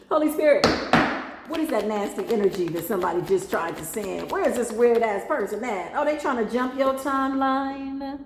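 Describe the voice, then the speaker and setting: A woman's voice: fairly high pitch, moderate pace, noisy background. Slangy, emphatic woman giving a tarot reading. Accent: mixed Spanglish accent. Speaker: tarot reader. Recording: echoey room with faint ambience.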